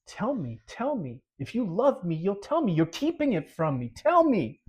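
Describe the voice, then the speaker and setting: A man's voice: high-pitched, animated, normal speed, darkish tone, voice pushed up. A man preaching who voices a scheming biblical seductress, pressing and pleading insistently.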